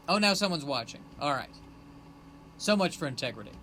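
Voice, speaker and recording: A man's voice: a little high, lively intonation, brisk, slight background noise, low-quality recording. Sarcastic man ranting into his phone. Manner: sarcastic, self-mocking, erupts into shouted rants. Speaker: podcast host streaming live. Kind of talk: rambling solo live-stream monologue.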